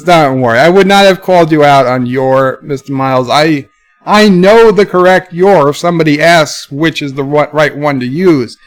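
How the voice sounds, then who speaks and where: Male streamer, slightly high, smooth voice, reads chat up, answers low and offhand. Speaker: livestream host reading chat. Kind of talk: casual livestream chat.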